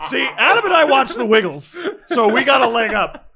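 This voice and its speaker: Dude in his 30s, high bright voice, jokey and over the top. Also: normal speed, creaky. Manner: lively, jokey, exaggerated. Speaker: podcast host. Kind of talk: casual chat.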